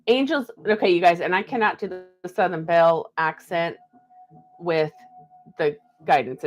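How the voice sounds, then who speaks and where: A woman's voice: fairly low pitch, measured pace. A woman hosting a live stream card reading, chatting and laughing between the messages she reads aloud. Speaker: card reader.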